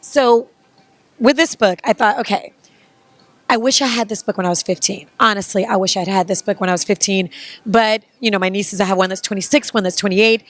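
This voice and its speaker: A woman's voice: mid-range voice, a little fast, no echo. Gushing woman interviewer, dry sound. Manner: effusive, gushing. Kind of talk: casual enthusiastic interview.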